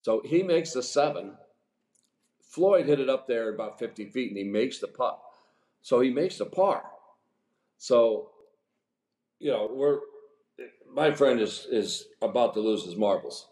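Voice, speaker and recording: A man's voice: medium pitch, a little slow, pauses often. Man in his sixties telling rambling stories. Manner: rambling, animated anecdotes with chuckles. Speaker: guest, former pro golfer. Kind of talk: casual storytelling interview. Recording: echoey room.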